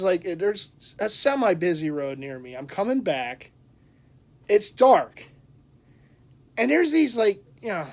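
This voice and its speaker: A man chatting casually in a vlog, telling a rambling story with frequent laughs and restarts. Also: sits high. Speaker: collector vlogger.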